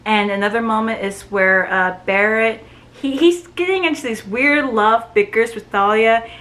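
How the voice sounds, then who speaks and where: A woman's voice: on the high side, moderate pace, a bit bright, low-quality recording. A woman giving a casual, enthusiastic book review, recapping the plot in a chatty way with frequent "like" and "you know". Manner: chatty and enthusiastic, with many fillers.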